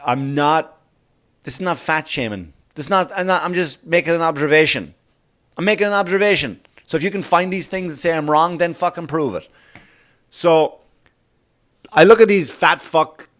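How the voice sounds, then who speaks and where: A man's voice: medium pitch, a bit bright. A middle-aged man hosting a comedy podcast, riffing in a rambling, profane monologue and laughing at his own jokes.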